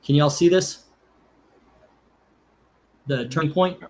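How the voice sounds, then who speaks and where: Guy on a live stream, kinda high voice, rambly and worked up. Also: takes it slowly. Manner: emotional, rambling, rising to angry outbursts. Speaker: co-host of a comics channel. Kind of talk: casual live-stream chat.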